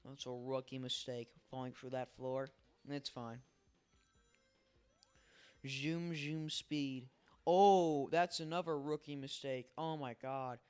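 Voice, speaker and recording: Over soft background music, a tired man plays a game at his home setup early in the morning, speaking into a desk microphone. As a let's play host, he rambles casually and pokes fun at himself in a smooth, mid-range voice that barely moves in pitch, at normal speed.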